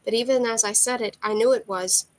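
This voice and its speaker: A woman reading a novel aloud in steady first-person narration, with occasional slips. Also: fairly high pitch, fairly quick, low-quality recording. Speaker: amateur reader.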